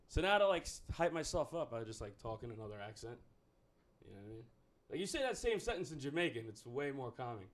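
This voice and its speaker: A man's voice: on the high side, sing-song, fast, fairly bright tone. A man doing a stand-up comedy set, rambling, profane and self-mocking.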